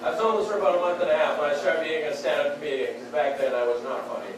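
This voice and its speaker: A young man from Saskatchewan doing a wry, casual stand-up set on a club stage, acting out quick quotes. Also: fairly high pitch, background noise. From Saskatchewan, Canada. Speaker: stand-up comedian. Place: comedy club stage in a beer hall. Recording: very echoey club room, mic distant. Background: audience laughing.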